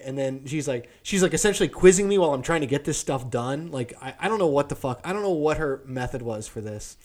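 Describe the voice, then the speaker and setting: A young man co-hosting a podcast, telling a story in casual chat, profane and animated, acting out the people he quotes. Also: medium pitch, quick pace. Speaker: podcast co-host.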